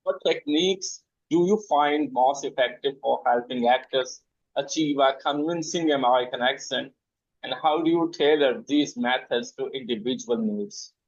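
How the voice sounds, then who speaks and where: A man's voice: mid-range voice, moderate pace. Hesitant man host on dull audio. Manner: hesitant, many fillers and restarts. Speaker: interview host. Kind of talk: interview questions.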